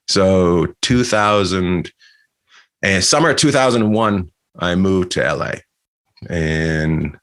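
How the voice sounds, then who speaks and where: A man from Canada, a comedian guest, telling animated anecdotes in a casual chat, laughing and restarting often. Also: low-pitched.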